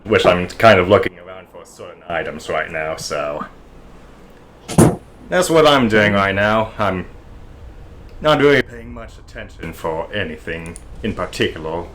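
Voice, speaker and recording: Low-voiced man thinking aloud as a player. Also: a bit bright. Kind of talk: tabletop game talk.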